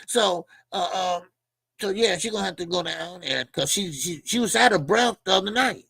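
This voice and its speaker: Gravelly, bright-voiced boxing commentator man. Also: high voice, normal speed, no echo. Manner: rambling, slangy, heavy with fillers and repeated words. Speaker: boxing channel host.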